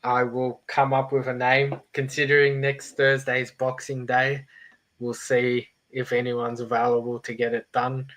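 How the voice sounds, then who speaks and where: A man's voice: mid-range voice, completely flat delivery, a little slow, a bit bright. A man hosting a casual livestream, easygoing with short replies. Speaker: livestream host. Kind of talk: casual chat.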